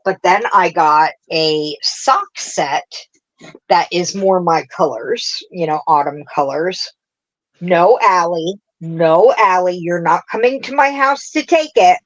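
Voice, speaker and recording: A woman hosts a craft livestream, chatting casually and rambling with viewers while laughing often. Her voice is on the low side, and the recording has its highs cut off.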